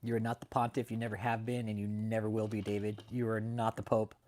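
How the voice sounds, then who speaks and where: A man's voice: lowish voice, flat delivery, fast talker, a little mellow. Profane, mocking livestream host, a man. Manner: profane, mocking, laughs often; greets chat viewers by name. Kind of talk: casual livestream commentary.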